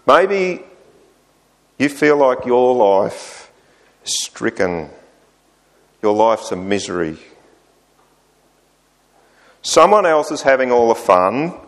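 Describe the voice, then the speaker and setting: A man preaching a sermon, voicing the psalmist's complaints with lively rises. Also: mid-range voice, slow pace, vocal fry, long pauses.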